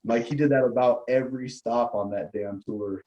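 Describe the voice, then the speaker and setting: A man's voice: medium pitch, steady tone, moderate pace, lo-fi sound. A man telling stories in a casual chat, swearing freely and laughing often. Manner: loose storytelling with lots of swearing and laughter. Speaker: guest.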